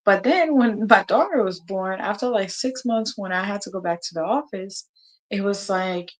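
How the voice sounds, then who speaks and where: Animated woman telling a story. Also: medium pitch, moderate pace, low-quality recording. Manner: animated, laughing, acts out quotes. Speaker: host. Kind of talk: casual storytelling chat to a live audience.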